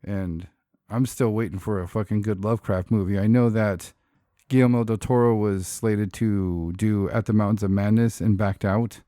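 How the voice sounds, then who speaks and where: A man's voice: fairly low pitch, fairly even intonation, normal speed, mellow, dry recording, clean studio sound. A man co-hosting a podcast in casual chat, joking and swearing freely. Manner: profane, jokey, laughs often. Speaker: podcast co-host.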